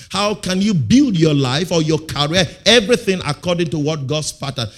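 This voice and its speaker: A man preaching a sermon, throwing half-finished questions to the congregation and stressing key words with sudden loud, drawn-out bursts. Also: fairly high pitch. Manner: call-and-response preaching, leaving blanks for the congregation. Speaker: pastor.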